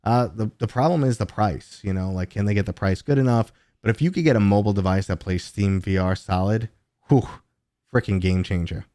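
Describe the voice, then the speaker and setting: A man's voice: brisk, no echo, clean studio sound. A man hosting a casual live stream, rambling through viewer questions with lots of tangents and fillers. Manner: jumps to a much higher, louder pitch when greeting viewers.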